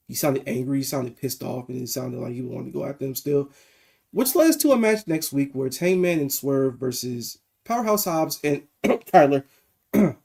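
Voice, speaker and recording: A man co-hosting a casual wrestling review podcast over a video call, animated and swearing freely. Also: medium pitch, vocal fry, husky. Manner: animated, swearing, quick asides. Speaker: podcast co-host.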